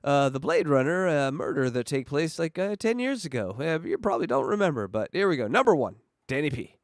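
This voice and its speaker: A man hosting a comedy podcast, cutting in with sarcastic asides and loud exclamations. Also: fairly high pitch, big pitch swings, fairly quick, no echo, studio quality. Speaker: podcast host.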